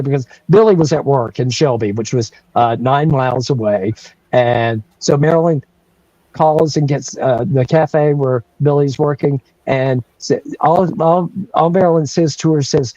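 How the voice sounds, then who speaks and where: An older man from North Carolina, his voice sitting a little high for a man, tells a story animatedly, breaking into laughs and restarting his sentences. The sound is dry and dull, like a lo-fi recording. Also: unhurried, mellow, dry recording. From North Carolina, USA. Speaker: guest telling a personal story. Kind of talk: casual storytelling.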